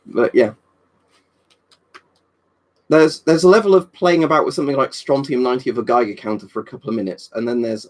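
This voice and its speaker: A man's voice: medium pitch, a little fast, pauses often. A young man chatting casually on a live stream, rambling, swearing freely and answering viewers' comments. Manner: rambling, swears a lot, reads and answers chat.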